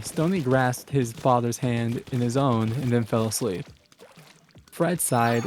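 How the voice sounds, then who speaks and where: A man's voice: mid-range voice, darkish tone, slight background noise. A man reading a fan story aloud as narrator on a livestream. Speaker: story reader.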